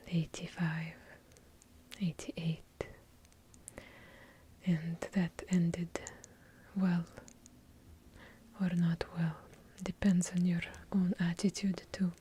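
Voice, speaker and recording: A woman's voice: fairly low pitch, mellow, slight background noise. A woman with a heavy Russian accent whispering ASMR trigger words, drawing out each repeated word and slipping in wry asides. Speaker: ASMR creator. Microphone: handheld field recorder.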